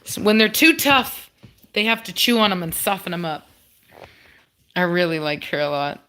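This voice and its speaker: A woman's voice: lowish voice, lively intonation, normal speed, pushed and bright, clear, resonant tone. A woman breeding dogs, chatting casually on a livestream and teasing her puppies in a playful scolding way. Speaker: dog breeder hosting a livestream.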